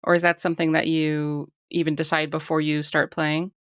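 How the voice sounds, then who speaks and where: A woman's voice: low-pitched, little pitch movement, moderate pace, clean tone, no echo, studio quality. A woman hosting a podcast, asking friendly questions in a casual interview.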